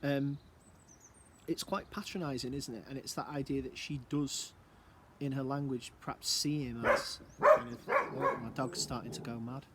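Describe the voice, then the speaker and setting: A man gives a casual recorded English lesson from home, explaining a play while musing aloud and posing rhetorical questions. His medium-pitched voice has a sing-song quality at normal speed, and the background noise is heavy.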